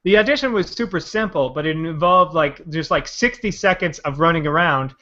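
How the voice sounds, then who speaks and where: A man rambles through his stories in casual podcast chat, swearing freely and chuckling along. His voice is bright and sits a bit high. The recording sounds dull and lo-fi. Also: brisk. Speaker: podcast co-host.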